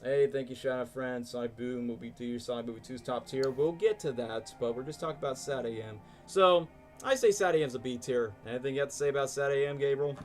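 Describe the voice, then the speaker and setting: A man's voice: medium pitch, fairly quick, soft background music. A young man hosting a live stream, chatting casually and animatedly with lots of fillers. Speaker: stream host. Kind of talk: casual chat, ranking shows live.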